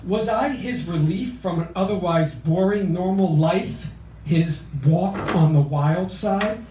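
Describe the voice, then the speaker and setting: A man in his sixties from Philadelphia reads his memoir-style poetry at a cafe open mic, deliberate and measured. His voice is high and his pace unhurried. He sounds distant and roomy. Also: warm tone, a little hiss or hum. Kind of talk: poetry reading of a memoir piece.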